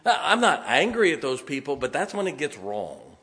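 A man's voice: fairly high pitch, moderate pace. A man preaching a sermon as pastor, folksy and joking, telling stories and raising his voice for emphasis. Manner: lively, raises voice for emphasis.

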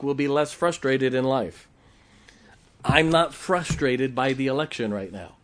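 A middle-aged man preaching a folksy sermon, often asking the congregation questions. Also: fairly high pitch. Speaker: pastor.

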